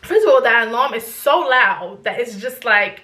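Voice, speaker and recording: A young adult woman vlogger telling a story in casual chat, rambling and animated, swearing freely. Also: on the high side, normal speed, echoey room.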